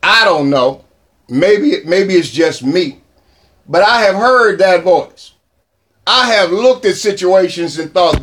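A male preacher delivers a sermon with dramatic, conversational storytelling and casual slang. His pitch swings widely as he speaks. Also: lively intonation, slow, a bit bright.

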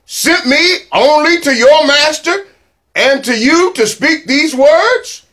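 A boastful enemy envoy hollers threats in slow, drawn-out phrases, as a preacher puts him on. His pitch leaps around as he taunts. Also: sharp tone, full character voice. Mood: menacing.

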